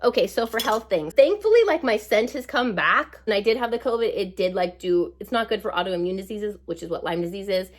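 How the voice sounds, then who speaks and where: A woman's voice: mid-range voice, fairly quick, hardly any pauses. A woman in her forties chatting through a life update while putting on her makeup, bubbly and rambling with lots of asides. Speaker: beauty vlogger.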